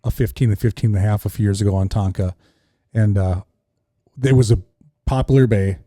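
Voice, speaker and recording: A man tells a fishing story on a podcast in a very dark, mellow voice, playing the people in it as he goes. The sound is dry and close. His pitch sits a little low. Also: a little fast, no room sound. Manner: animated storyteller acting out voices. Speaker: fishing guide.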